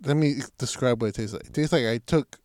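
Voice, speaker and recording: A man's voice: mid-range voice, fast, a little mellow. A man co-hosting a casual podcast chat, telling rambling, profane joke stories. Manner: rambling, profane, joking storyteller. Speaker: podcast co-host.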